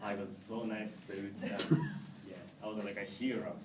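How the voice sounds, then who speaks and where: A man's voice: on the low side, steady tone, a little slow. A young man from Japan, speaking English with a Japanese accent, gives a casual, hesitant talk to an audience with many fillers and restarts. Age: young adult. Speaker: returning exchange student. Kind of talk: informal presentation to an audience. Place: meeting hall. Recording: echoey room, recorded from a distance, noisy.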